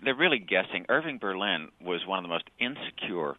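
A man telling anecdotes as a guest on a radio interview, halting at times with fillers. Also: low-pitched, sing-song, phone-quality sound.

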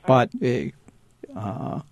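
A man who trains dogs, giving patient, halting advice to a caller on a radio call-in show in the studio. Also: medium pitch, very animated, vocal fry, a little mellow. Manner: halting, many restarts, patient explaining. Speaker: dog trainer, studio guest.

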